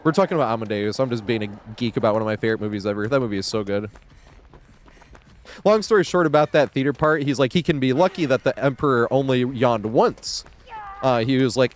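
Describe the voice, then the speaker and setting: A man's voice: medium pitch, lively intonation, fast, a little hiss or hum. A man streaming a game, chatting casually and retelling a favorite movie at length, with many fillers.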